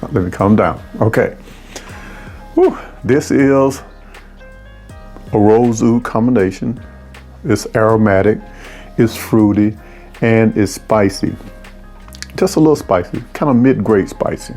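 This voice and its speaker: A man's voice: lowish voice, takes it slowly, pauses often, a little mellow, soft background music. A man casually reviewing fragrances, effusive and savoring each note with exclamations.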